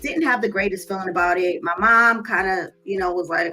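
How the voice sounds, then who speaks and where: A woman's voice: medium pitch, brisk, pushed and bright, soft background music. A woman hosting a live stream, who tells her own story candidly and speaks straight to her viewers. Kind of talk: casual live-stream talk.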